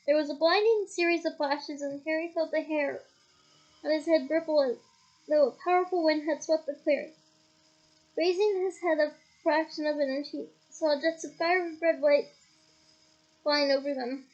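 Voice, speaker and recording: A woman reading a novel aloud, lively, breaking off now and then for playful comments. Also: sits high, dull audio. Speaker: audiobook reader.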